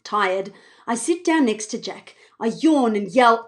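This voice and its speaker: Expressive woman reading a storybook. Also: a little high, a little slow. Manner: expressive, playful narration. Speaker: author. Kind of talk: children's storybook read-aloud.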